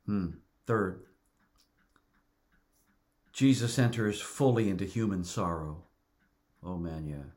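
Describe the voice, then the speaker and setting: A middle-aged man preaching a sermon at an unhurried, measured pace. His voice sits on the low side, and he talks earnestly and deliberately, leaning on repeated words for emphasis. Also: a little mellow. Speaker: pastor.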